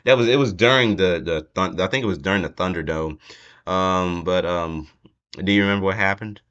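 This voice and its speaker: A man's voice: low-pitched, fairly quick, a bit bright. A young man hosting a casual wrestling prediction chat, rambling and hesitant, with many fillers and restarts. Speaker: wrestling channel host. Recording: dull lo-fi home recording.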